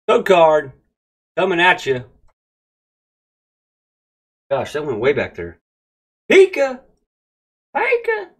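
A man hosting a casual card pack-opening vlog, excitable and gushing as he talks straight to his viewers. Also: on the high side, breathy edge. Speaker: card-opening channel host.

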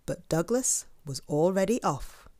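A woman reading a children's picture book aloud, expressive and stopping to ask the listener questions. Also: on the low side, unhurried, no echo, studio quality. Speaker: storyteller. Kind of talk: children's story read-aloud.

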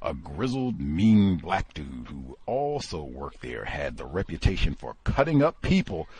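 A man's voice: extremely low pitch, big pitch swings, a little slow, a little mellow, slightly rough. A man hosting a book club session, reading a memoir aloud with emphatic, exclaiming commentary. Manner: emphatic, exclaiming, conversational asides.

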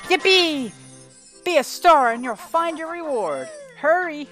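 A man voicing small cheerful creatures from a video game in a high squeaky put-on voice, reading their dialogue aloud. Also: sing-song, normal speed, a bit bright, soft background music, exaggerated voice. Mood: chirpy.

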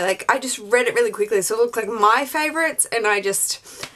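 A young woman talks to her camera from a room at home. Her voice sits a little high, and she rambles in a hyper, bubbly way, as though she has had too much coffee. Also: brisk, fairly bright tone. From Australia. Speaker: beauty and fashion vlogger. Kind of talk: casual chat to camera. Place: home closet room with yellow-lit background.

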